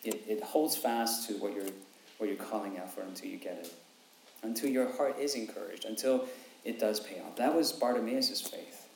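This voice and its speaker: Animated man preaching in an echoey room. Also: on the low side, normal speed, creaky, a little hiss or hum. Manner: animated, repeats phrases for emphasis, acts out quotes. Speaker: pastor. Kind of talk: sermon. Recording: echoey room, faint ambience.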